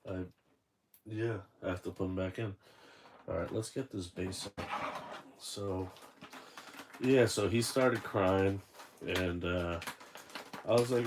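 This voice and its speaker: A man's voice: sits low, slow, pauses often, background noise. A man unboxing a toy figure and chatting casually, rambling and correcting himself as he tells a story.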